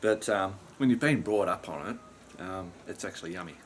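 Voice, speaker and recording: A man's voice: low voice, moderate pace, slight background noise. An Australian man chatting casually to camera in a rambling vlog, just woken up and swearing mildly now and then. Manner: rambling, frequent mild swearing. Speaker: vlogger.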